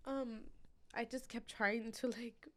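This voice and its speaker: A woman's voice: a little high, fairly even intonation, takes it slowly, a bit bright. A woman as a podcast guest, telling a painful personal story in a casual, emotional way with many fillers. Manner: emotional, filler-heavy retelling.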